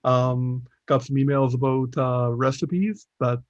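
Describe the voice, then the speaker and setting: A man's voice: medium pitch, steady tone, slow, dry recording. A man co-hosting a casual gaming podcast, rambling with many fillers and chuckles. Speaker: podcast co-host. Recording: dull, dry podcast audio.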